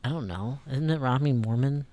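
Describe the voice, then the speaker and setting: A man's voice: mid-range voice, moderate pace, warm tone. A young man from St. Louis, co-hosting a podcast in a rambling, casual way full of fillers and swearing. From St. Louis, Missouri. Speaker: podcast co-host. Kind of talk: casual chat.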